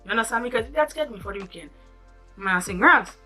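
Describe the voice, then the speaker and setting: Lady doing a storytime vlog, bright voice, super dramatic, keeps asking viewers if they get it. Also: a little high, very fast, faint music behind. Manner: animated, dramatic retelling with asides to viewers. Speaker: vlogger.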